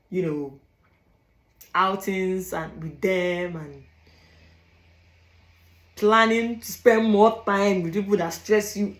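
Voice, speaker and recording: A rough recording in an echoey room captures a young African woman with a fairly low voice. As a vlogger she delivers blunt advice in a casual monologue, repeating phrases to stress points and laughing in between.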